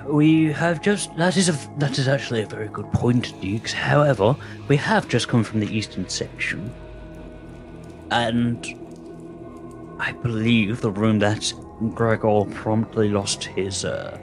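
A man voicing a solemn, devout male dragonborn warrior who speaks in slow, formal phrases. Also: medium pitch, natural voice. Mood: reasoning. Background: music.

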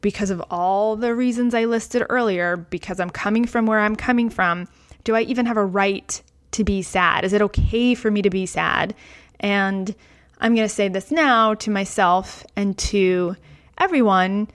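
A woman hosting a podcast, talking in a candid, gentle and reflective personal monologue. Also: medium pitch, moderate pace. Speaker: podcast host.

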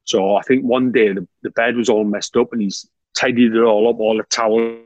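A man's voice: medium pitch, a little fast, no echo, lo-fi sound. Man, 30s, ex-player spinning dressing-room yarns, dry close sound. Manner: laughing, animated anecdotes with lots of "mate". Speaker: former footballer guest. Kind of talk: casual storytelling chat.

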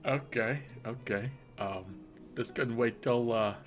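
A man's voice: mid-range voice, takes it slowly, soft background music, lightly acted. A man voicing a shifty male henchman who hesitates, stammers and tries to please his boss in a tabletop game. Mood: nervous. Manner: hesitant, full of "uh", wheedling.

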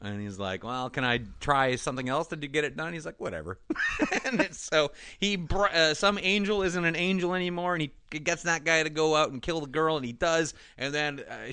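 A man in casual chat, animatedly retelling a movie plot with lots of laughter and deadpan quoted lines. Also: fairly high pitch, clean tone, dry recording.

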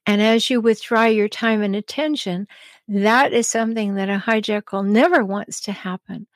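A woman hosting an advice podcast, answering listener questions in a calm, chatty way with frequent ums and small laughs. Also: mid-range voice, moderate pace, dry recording. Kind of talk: advice talk show.

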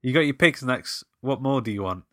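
Bright, playful man. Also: mid-range voice, lively intonation, brisk, no echo, clean studio sound. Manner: playful, laughs often, reads quotes aloud. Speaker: podcast co-host. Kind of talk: casual chat, quiz game.

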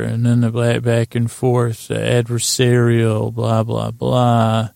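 A man's voice: mid-range voice, takes it slowly, creaky, hardly any pauses, no echo, studio quality. A man hosting a podcast, casually recapping a TV episode in a rambling way and quoting the characters without much change in his voice. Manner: rambling, quotes characters in a flat voice. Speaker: podcast host.

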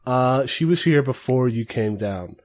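A relaxed man running a tabletop game, painting each character with loose, filler-filled description. His voice sits in an ordinary middle range. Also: medium pitch, unhurried. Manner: easygoing, descriptive, many fillers. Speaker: game master.

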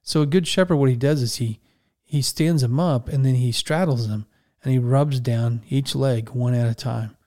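A man pastor giving a conversational sermon, halting and restarting as he talks, and reading scripture slowly and gently. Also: medium pitch.

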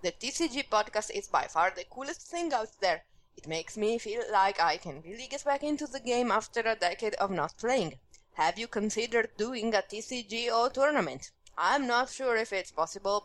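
A woman's voice: fairly high pitch, a bit bright, no room sound. A woman voicing a listener's email in a put-on Russian accent, clipped and dropping articles, reading it aloud on a podcast. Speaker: podcast co-host.

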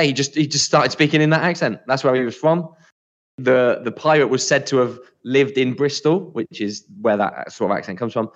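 A man co-hosting a casual podcast, chatty and teasing, trying out impressions. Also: mid-range voice. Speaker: podcast co-host. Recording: slightly dull lo-fi sound.

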